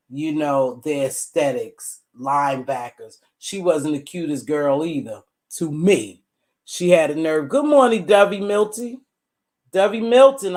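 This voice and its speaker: A woman vlogger giving casual, blunt commentary, animated and repeating points for emphasis. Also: extremely low pitch. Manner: blunt, informal.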